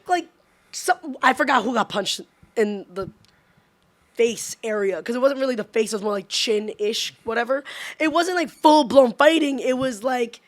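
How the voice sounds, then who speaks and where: A young woman telling a story in casual podcast chat, chatty and laughing often, with lots of "like". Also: sits high.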